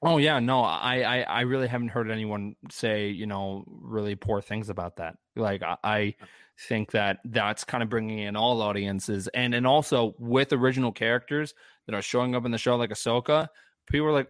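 A male co-host chats casually at an ordinary middle pitch and normal speed, with fairly even intonation. He rambles, restarts his thoughts, and uses plenty of fillers, and the recording is dry and close with no room sound.

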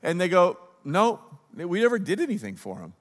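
A man's voice: sits high, wildly swooping pitch, normal speed, fairly bright tone. A male pastor preaching a sermon, telling the story and acting out the characters' lines. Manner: storytelling, acts out dialogue of the characters.

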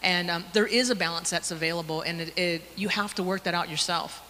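A woman's voice: lowish voice, pushed and bright. Emotional woman in a reverberant church. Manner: emotional, halting with many fillers. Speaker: church member sharing a testimony. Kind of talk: personal testimony in a Sunday school class. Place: church classroom. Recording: long hall reverb with faint noise.

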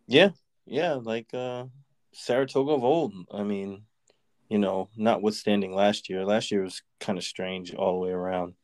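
Low-voiced Boston co-host, easygoing. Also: male voice, moderate pace, darkish tone. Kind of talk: casual chat.

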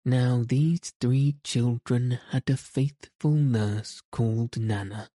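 A man narrating a children's classic audiobook at a slow, unhurried pace. His voice sits low and warm, and the reading is measured and even. The sound is close and dry. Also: no room sound.

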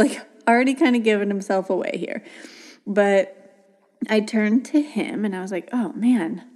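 Woman podcast host, relaxed storyteller, average pitch. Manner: warm storytelling with gentle quoted dialogue. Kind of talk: casual podcast talk about parenting.

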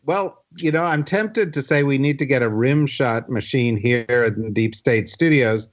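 A man's voice: medium pitch, a little slow, highs cut off. A man hosting a podcast, announcing plans in a loose, rambling way with many fillers. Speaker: podcast host. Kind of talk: casual podcast chat.

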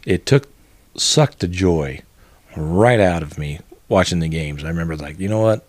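A man's voice: sits low, lively intonation, moderate pace, darkish tone, no room sound. An older man co-hosting a podcast in casual chat, easygoing and hesitant with ums and uhs. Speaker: podcast co-host.

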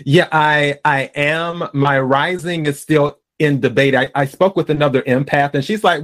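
A man's voice: a little high, steady tone, moderate pace, few pauses, fairly bright tone. A man in his forties hosting a podcast, chatting casually and telling stories in a conversational way. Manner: conversational storyteller, quotes friends. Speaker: podcast host. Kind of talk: casual interview chat.

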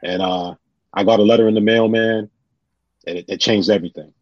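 Fast-talking husky man telling stories. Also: fairly low pitch, dry recording. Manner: animated, retells scenes with quoted voices. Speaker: guest. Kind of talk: casual storytelling on a podcast. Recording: dull lo-fi sound.

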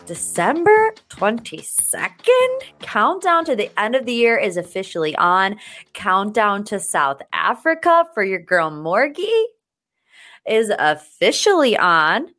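A woman hosting a pop-culture podcast in a chatty, animated manner, stretching some words out. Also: medium pitch, measured pace, faint music behind. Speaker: podcast host. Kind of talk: casual pop-culture chat.

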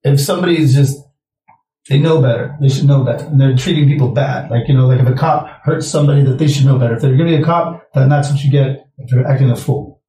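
Fast-talking, rambling, swearing man. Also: mid-range voice, mellow, recorded from a distance. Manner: rambling storyteller, swears freely. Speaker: podcast co-host. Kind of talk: casual chat. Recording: echoey room, off-mic.

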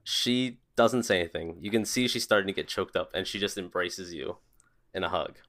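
A man narrating a tabletop game as game master, relaxed and descriptive with some fillers. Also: low-pitched, a little fast.

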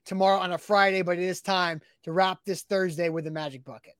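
A man's voice: sits high, steady tone, fast talker, fairly bright tone, no room sound, clean studio sound, faint music behind. A man co-hosting a casual morning sports show, talking in a loose, rambling way and laughing readily. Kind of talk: casual sports radio chat.

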